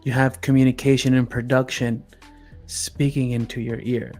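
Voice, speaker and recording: A man's voice: mid-range voice, flat delivery, normal speed, a little mellow, soft background music. A man hosting a podcast in casual chat, earnest and repeating words for emphasis. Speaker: podcast host.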